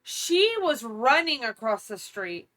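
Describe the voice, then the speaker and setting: A woman in her thirties co-hosting a podcast, telling funny stories in a casual, animated way and laughing often. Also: fairly high pitch, slow. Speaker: podcast co-host. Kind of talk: casual storytelling chat.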